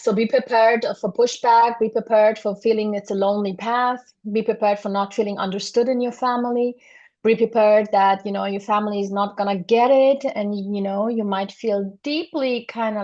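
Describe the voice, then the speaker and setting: A woman's voice: medium pitch, fairly even intonation, normal speed, a little mellow. Brief: woman interviewer, encouraging and affirming, dull lo-fi recording. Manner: affirming, frequent agreement sounds. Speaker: podcast host, interviewer. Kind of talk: interview conversation. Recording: dull lo-fi sound.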